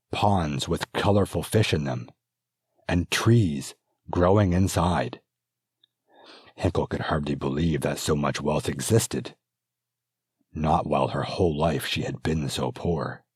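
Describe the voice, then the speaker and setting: A man narrating his own fantasy audiobook in a measured, descriptive storytelling manner. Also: extremely low pitch, breathy edge, no room sound, clean studio sound. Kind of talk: scripted narration.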